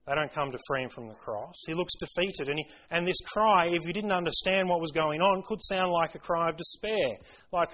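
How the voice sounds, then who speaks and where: A man's voice: on the high side, brisk, fairly bright tone, poor audio. A man preaching a sermon, earnest and building to impassioned emphasis as he quotes scripture.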